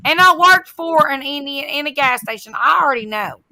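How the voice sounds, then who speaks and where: A woman's voice: sits high, lively intonation, fairly quick, over a noisy crowd, rough recording. A woman with a strong Southern American accent, chatting bluntly and profanely on a livestream. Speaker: livestream host. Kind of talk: casual livestream chat.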